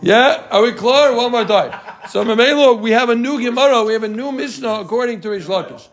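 Man, high-pitched, leading a Talmud class; quick rhetorical questions, joking with students. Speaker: Talmud teacher.

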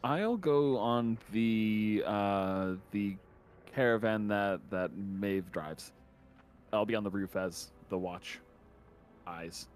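A man playing a tabletop game, speaking in an earnest, stammering, halting way. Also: on the low side, a little hiss or hum. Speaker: player. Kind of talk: casual tabletop play.

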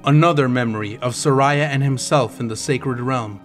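A man's voice: medium pitch, moderate pace, soft background music. A man narrating an audiobook chapter with dramatic, intense storytelling.

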